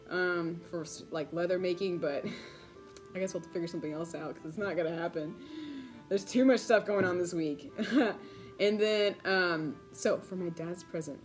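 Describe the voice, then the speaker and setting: A young woman in a casual vlog, bubbly and giggly, filling her story with "like" and laughter, excited and caffeinated. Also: on the low side. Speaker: vlogger.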